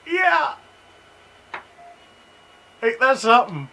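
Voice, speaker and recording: A man in casual chat, making slow, measured remarks. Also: very high-pitched, very animated, sharp tone, a little hiss or hum, low-quality recording.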